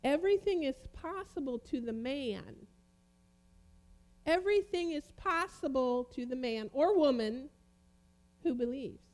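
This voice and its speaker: High-pitched woman preacher, emphatic sermon delivery with dramatic pauses. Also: animated, darkish tone. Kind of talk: sermon, reading and comparing Bible translations.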